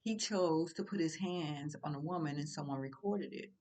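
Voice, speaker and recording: A woman's voice: deep voice, moderate pace, mellow. Blunt, preachy older woman commentator. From St. Louis. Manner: preachy and blunt, with rhetorical questions. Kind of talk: casual spoken commentary.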